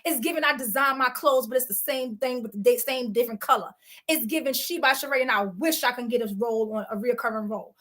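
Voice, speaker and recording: A woman sits in as an interview guest and tells her story bluntly, full of sass and slang. Her voice sits high and lively. She leans hard on her points and does not soften them. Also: fast talker. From New York. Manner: blunt, sassy, emphatic retelling with slang. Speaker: reality show cast member, guest.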